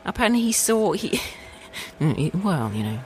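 A woman's voice: on the low side, very animated, normal speed, background noise. A woman co-hosting a casual podcast chat, hesitant with ums and dry teasing. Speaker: podcast co-host.

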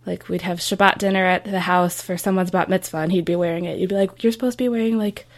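A woman's voice: fairly low pitch, steady tone, fast talker. A young woman recalling memories of her grandfather in a casual, chatty way with many fillers. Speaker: interviewee, grandchild. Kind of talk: personal recollection.

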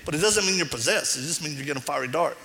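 Male preacher, middle-aged, fairly high voice, bright and forceful, animated storytelling, long hall reverb. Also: very fast. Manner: animated storytelling, acts out dialogue. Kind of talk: sermon. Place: large hall before an audience.

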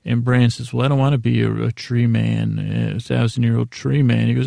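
Recapping a TV episode scene by scene, a man loosely paraphrases with frequent "uh"s in a casual podcast style. His voice is heavily gravelly, medium-pitched, flat and dark, at a moderate pace. The sound is dry and close-miked.

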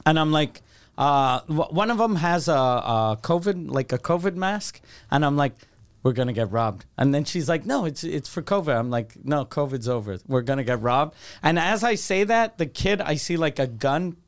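A man's voice: fairly high pitch, animated, normal speed, clean tone. A man telling a long dream story in casual podcast chat, swearing freely and acting out every quoted line. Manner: rambling, profane, acts out quotes. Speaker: podcast co-host.

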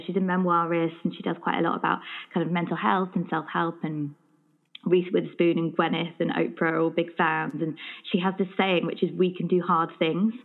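A woman podcast host with a slightly low voice talks in an attentive, reflective way. Her voice comes through a tinny, phone-like line. She draws out and builds on her guest's points. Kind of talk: podcast interview.

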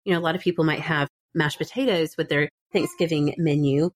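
Low-voiced woman podcaster chatting away at home, laughs a lot. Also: steady tone, brisk. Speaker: podcast host. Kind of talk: casual chat.

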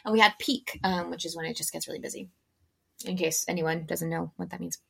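A young woman co-hosts a relaxed podcast conversation. She tells a story with lots of energy and leaps into high, exaggerated voices when she imitates other people. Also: brisk, creaky, slightly rough. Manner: animated storyteller, acts out customers with big pitch jumps. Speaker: podcast co-host. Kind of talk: casual podcast chat.

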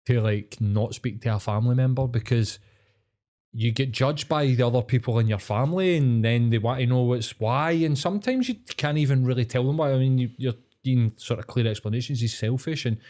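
A man's voice: mid-range voice, mellow. A Glaswegian man co-hosting a podcast, talking in an earnest, supportive way. His chat is loose and full of swearing, with plenty of "aye" and "mate". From Scotland. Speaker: podcast co-host.

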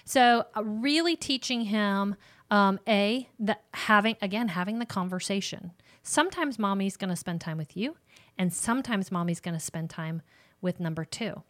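A woman's voice: medium pitch, moderate pace, a bit bright. A middle-aged woman hosting a faith-based parenting advice chat, earnest and chatty, often acting out little example conversations.

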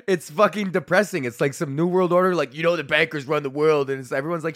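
A man's voice: a little high, fairly even intonation, fast talker, no echo, studio quality. A man hosting a podcast from home, ranting casually, swearing a lot and laughing at himself. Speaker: podcast host.

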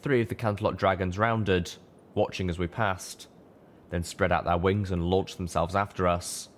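Man, low voice, audiobook narrator, steady first-person storytelling. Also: normal speed, slight background noise. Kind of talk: audiobook reading of fan fiction.

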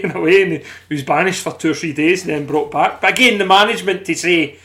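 A Scottish man on a podcast panel, telling animated stories in casual chat and swearing freely. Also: fairly high pitch, fast, few pauses. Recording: live podcast stream.

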